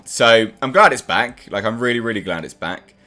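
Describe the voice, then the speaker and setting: A man's voice: on the low side, expressive, moderate pace, pushed and bright, faint music behind. A man hosting his own channel, giving a casual and enthusiastic spoken review of a TV episode. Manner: enthusiastic, chatty, acts out characters' lines.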